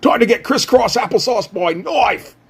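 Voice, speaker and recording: Give me a man playing a boastful villain with a rough Australian accent, taunting in a raised voice. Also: very high voice, expressive, moderate pace, voice pushed up, exaggerated voice. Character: cocky male villain knife fighter.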